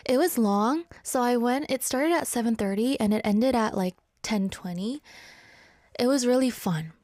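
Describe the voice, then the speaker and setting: A woman's voice: on the high side, mellow, no echo, studio quality. Bubbly, rambling woman radio host. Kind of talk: casual radio chat. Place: radio studio. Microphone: studio microphone.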